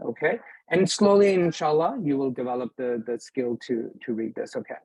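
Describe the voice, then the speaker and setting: A man's voice: mid-range voice, expressive, brisk, vocal fry, a little mellow, no echo, low-quality recording. A man teaching beginners in a live class, patient, often checking that his students follow. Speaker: Arabic teacher. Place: mosque classroom.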